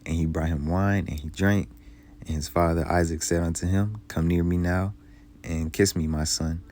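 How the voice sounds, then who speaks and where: A man teaching from the Bible, reading old scripture slowly and then explaining it in loose, casual, emphatic speech. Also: deep voice, fairly even intonation, a little mellow. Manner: heated, emphatic commentary.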